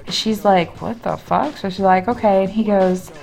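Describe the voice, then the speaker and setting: A woman's voice: medium pitch, moderate pace, creaky, faint music behind. A woman podcast co-host casually telling a funny story, acting out what each person said and breaking into laughter. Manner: animated storyteller acting out quoted people, laughing often.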